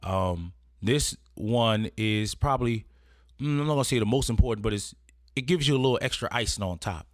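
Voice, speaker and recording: A man's voice: lowish voice, a little fast, dry recording, clean studio sound. A man presenting an etiquette lesson in a casual instructional style, partly read, often checking in with "right?". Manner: conversational, checks in with frequent "right?". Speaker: presenter giving etiquette advice.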